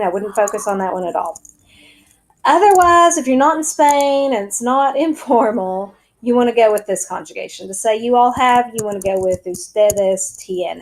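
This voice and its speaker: A woman teaching a recorded lesson in a brisk, direct way, with light jokes. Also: mid-range voice, a little mellow, a little hiss or hum, poor audio. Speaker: Spanish teacher.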